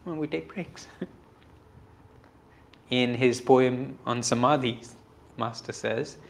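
A man gives a reflective spiritual teaching on scripture, earnest and self-deprecating, often chuckling softly. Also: mid-range voice, slow pace, gravelly. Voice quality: earnest and self-deprecating, with frequent soft laughs.

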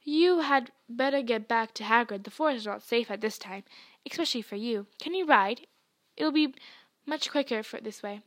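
A proud young centaur speaks with grave urgency, as a woman reader puts him on in a storybook reading. His voice sits a little high and presses its points firmly. The recording is close and dry. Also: moderate pace, a bit bright, no room sound, lightly acted. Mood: urgent.

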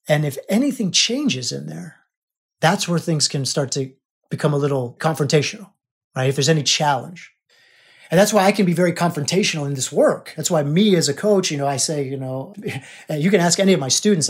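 A man with a husky, slightly breathy voice hosts his own podcast as a spiritual coach. He drives each idea home with emphatic, repeated phrases, sounding like a teacher pressing his listeners to change. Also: on the high side. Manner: emphatic, repetitive teaching delivery.

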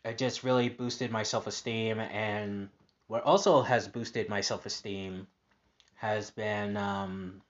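A podcast host delivers a casual personal monologue, upbeat and positive but rambling, full of fillers and restarts. His voice is lowish and steady, he speaks slowly, and the recording lacks high frequencies.

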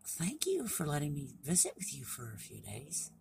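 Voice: mid-range voice, wildly swooping pitch, moderate pace, gravelly, a little mellow, slight background noise. A storyteller voicing a small, curious young male frog who loves to travel, speaking in a raised, sometimes whispered voice.

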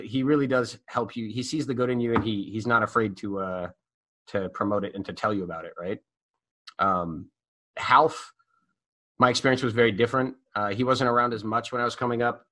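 A man with a bright, forceful voice tells a story as a guest in casual talk. His delivery is animated and profane, with plenty of filler words, and his pitch sits in an ordinary middle range. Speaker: guest telling stories.

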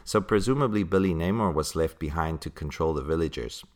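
Deep-voiced man chatting about comics. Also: a little fast. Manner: chatty, laughs often, many fillers. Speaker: podcast co-host. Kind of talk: casual chat about comics.

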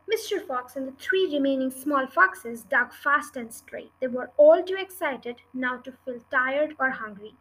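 A woman reading a children's book chapter aloud in an earnest, steady way. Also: high-pitched, a little slow, hardly any pauses, poor audio. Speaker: storybook reader.

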